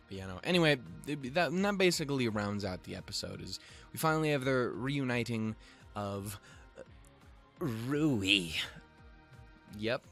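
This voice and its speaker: A man's voice: medium pitch, lively intonation, unhurried, a bit bright, soft background music. A young man casually recapping and reviewing an episode, with lots of cursing, fillers and jokes. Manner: profane, filler-heavy, joking. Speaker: show review vlogger.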